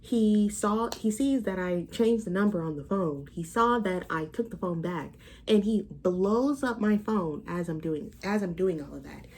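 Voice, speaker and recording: A woman's voice: on the low side, a little slow, darkish tone, slight background noise. A young adult woman telling a story to her vlog camera in a blunt, emphatic, profane way. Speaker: vlogger. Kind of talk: casual storytime rant.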